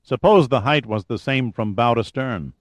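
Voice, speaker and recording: A man reading an audiobook, voicing a calm, precise male adventurer close to his own voice. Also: medium pitch, normal speed, no echo, lightly acted.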